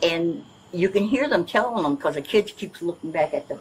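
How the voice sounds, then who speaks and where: On bodycam audio recorded outdoors with faint noise, an older woman, a resident being questioned, rambles and complains insistently to a police officer. Her voice sits lowish and is expressive, moving at a normal speed, and the recording quality is low.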